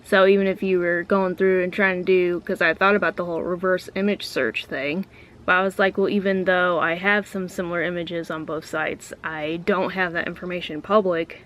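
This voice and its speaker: A woman's voice: fairly low pitch, fairly even intonation, normal speed, a bit bright. Blunt, swearing woman ranting. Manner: ranty, heavy swearing, blunt. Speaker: vlogger. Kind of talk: casual ranting vlog.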